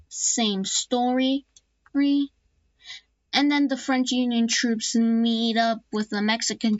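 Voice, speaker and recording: A woman talks through an alternate-history map in a loose, casual way, stumbling over restarts and filling gaps with "uh". She drops jokey asides as she goes. Her voice sits a bit high, and the dry, dull lo-fi mic has no room sound at all. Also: no room sound. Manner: rambling, with many fillers and restarts. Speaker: map video narrator.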